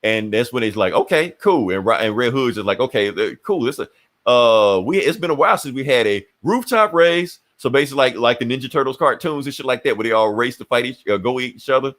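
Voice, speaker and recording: A man's voice: medium pitch, brisk, a bit bright. A man hosting a podcast, casually retelling a comic book story and acting out the characters' lines. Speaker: podcast host.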